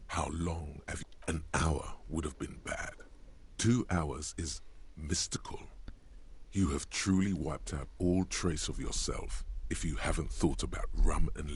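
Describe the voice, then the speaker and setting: A man's voice: very deep voice, measured pace, husky, heavily acted. A man narrating a video game in a wry, sardonic tone. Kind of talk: scripted narration.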